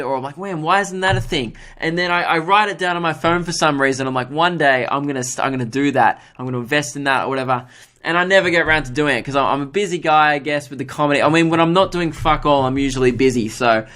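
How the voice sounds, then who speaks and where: Man telling a rambling story. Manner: animated, jumps into higher voices to mimic others; self-mocking, swears freely. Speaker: podcast host. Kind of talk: casual solo podcast storytelling.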